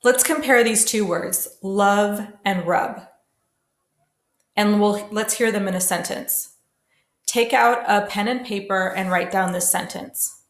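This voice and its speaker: A woman teaching a classroom pronunciation lesson, modelling sounds slowly and carefully for students to repeat. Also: medium pitch. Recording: echoey room.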